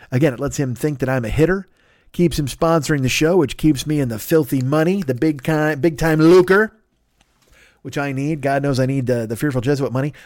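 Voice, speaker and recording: A man's voice: fairly high pitch, a little mellow, no room sound, clean studio sound. A man hosting a podcast, rambling through a profane, jokey sponsor plug full of asides. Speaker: podcast host. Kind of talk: casual podcast ad read.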